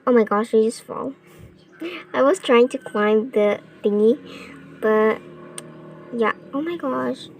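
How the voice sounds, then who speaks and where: A young woman casually narrating her gameplay, rambling with lots of fillers and excited gasps. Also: fairly high pitch, takes it slowly, gravelly, long pauses, slight background noise. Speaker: gaming vlogger. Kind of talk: casual game commentary.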